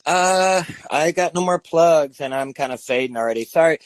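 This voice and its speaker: Brash male guest, fifties, lively pitch, slightly high voice, dry sound. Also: normal speed. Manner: brash, laughing, curt asides. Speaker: podcast guest. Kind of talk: casual chat.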